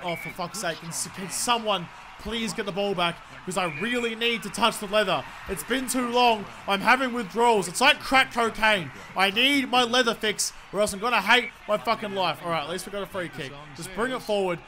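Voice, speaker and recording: A young man commentating his own football video game, frustrated and profane, yelling at his teammates. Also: high-pitched, fairly quick, noisy background. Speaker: gaming commentator. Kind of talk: swearing live gameplay commentary.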